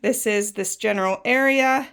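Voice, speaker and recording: A woman in her thirties, slightly out of breath, gives a casual tour of her home soap room, listing items and laughing easily as she goes. Her voice is a little high and a bit bright, with a clean tone at normal speed.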